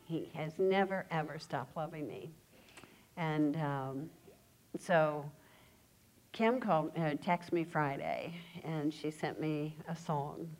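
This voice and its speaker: A woman giving a personal testimony in church, speaking earnestly with pauses and fillers. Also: low-pitched, a little mellow, rough recording. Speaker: church member sharing testimony.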